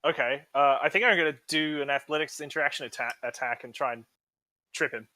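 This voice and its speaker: A man playing a tabletop game, talking casually in an excitable way. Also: on the high side, a little fast, dry recording. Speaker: player.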